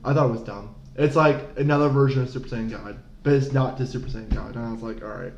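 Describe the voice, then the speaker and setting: A man co-hosting a podcast, retelling scenes in a fast, profane, animated way. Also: medium pitch. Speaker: podcast co-host. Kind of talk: casual chat. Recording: echoey, dull room audio with faint noise.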